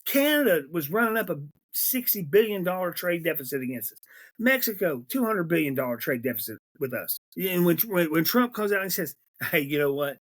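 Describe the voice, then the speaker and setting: A podcast host with a high-pitched, sing-song, slightly bright voice talks a little fast. He delivers a political commentary rant on his podcast, emphatic and repeating himself when aggravated.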